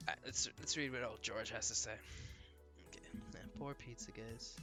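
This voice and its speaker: A man's voice: mid-range voice, moderate pace, bright, forceful tone. A young man casually commenting on a game he is playing, rambling and swearing, with easy laughs. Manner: rambling, profane, laughs easily. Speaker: gameplay commentator. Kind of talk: casual let's-play commentary. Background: faint game music.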